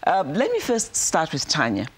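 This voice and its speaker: A woman hosting a studio talk show, brisk and lively as she interviews guests. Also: low voice, husky.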